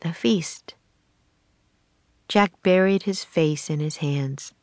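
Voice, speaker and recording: A woman narrating a children's audiobook in a calm, even storytelling manner. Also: sits low, slow pace, dry recording. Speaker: audiobook reader.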